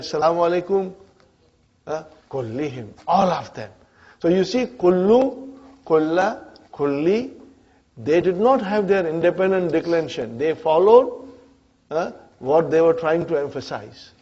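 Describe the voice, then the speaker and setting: High-voiced man teaching a grammar class. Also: animated, a little slow, darkish tone, lo-fi sound. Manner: checks in often with "huh?" and "brothers and sisters". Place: community centre classroom.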